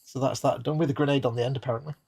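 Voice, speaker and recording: A man, co-hosting a live stream and chatting quickly, with jokes. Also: mid-range voice, fairly even intonation, gravelly, darkish tone, a little hiss or hum. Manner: quick, chatty, fond of joking. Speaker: livestream co-host. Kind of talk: casual chat.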